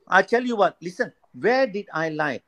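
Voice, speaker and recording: A man in his fifties in a heated online debate, talking excitably and repeating words in quick bursts. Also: sits high. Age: 50s.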